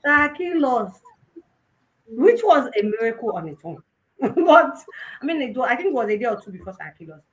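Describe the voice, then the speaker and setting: A young woman with a Nigerian Yoruba-tinged accent, giving an animated personal testimony at a conference and mixing in Yoruba phrases. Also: a little high, moderate pace, pauses often, low-quality recording. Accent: Nigerian, Yoruba-influenced English. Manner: animated storytelling, switching between English and Yoruba. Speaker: conference speaker.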